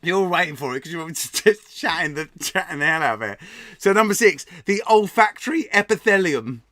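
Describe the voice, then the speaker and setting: A man's voice: sits high, expressive, brisk, pushed and bright, no echo. An English man hosting a live-stream quiz, reading out items and laughing and joking with his viewers. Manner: reads quiz items aloud, laughs often, jokes with chat. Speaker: quiz host.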